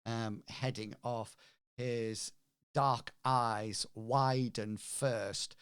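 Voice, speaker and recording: A male game master narrates a tabletop adventure at a very slow, halting pace. His voice is smooth and clear, recorded dry and close. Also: mid-range voice, fairly even intonation, fairly bright tone, no echo.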